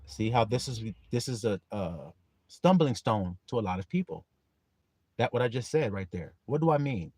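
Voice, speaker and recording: A man preaching a livestreamed sermon in a folksy, animated way, calling on his listeners and laughing often. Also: mid-range voice, normal speed, dry recording.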